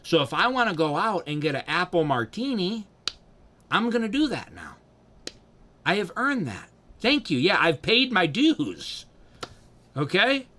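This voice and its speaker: A young man drinking on a livestream, chatting casually with viewers in a profane, rambling way that swings between loud bursts and mumbling. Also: sits high, wildly swooping pitch, unhurried, long pauses.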